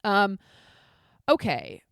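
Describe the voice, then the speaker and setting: A woman's voice: medium pitch, big pitch swings, drawn-out words, no echo, studio quality. A woman co-hosting a casual podcast, chatting loosely, restarting sentences and laughing often. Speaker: podcast co-host. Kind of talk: casual chat.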